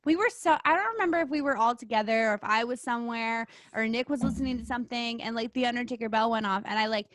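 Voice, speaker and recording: A woman's voice: fairly high pitch, quick pace, hardly any pauses, fairly bright tone, no echo, studio quality. A woman co-hosting a wrestling podcast, rambling casually and laughing often. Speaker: podcast co-host. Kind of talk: casual chat.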